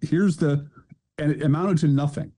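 A man's voice: fairly high pitch, normal speed, warm tone. A man co-hosting a show in casual chat, with dry, sarcastic remarks. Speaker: show co-host.

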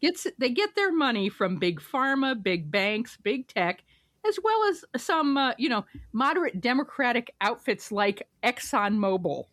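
A woman's voice: fairly high pitch, very animated, a little slow, fairly bright tone, dry recording, studio quality. A woman co-hosting a casual political podcast, wry and sarcastic, laughing often. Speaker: podcast co-host.

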